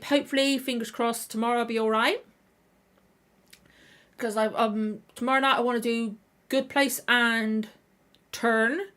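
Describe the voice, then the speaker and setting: A woman's voice: on the high side, fairly bright tone. Woman host, tired, throat a bit tender, rambling casual stream chat with constant restarts. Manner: rambling, self-correcting. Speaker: reaction channel host.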